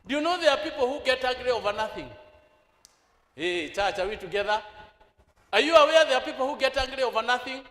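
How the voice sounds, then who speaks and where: A Kenyan man preaches in an echoey, reverberant church hall, his voice very high-pitched, expressive and fast, with a fairly bright tone and long pauses. He throws rhetorical questions at the congregation and slips into Swahili mid-sentence.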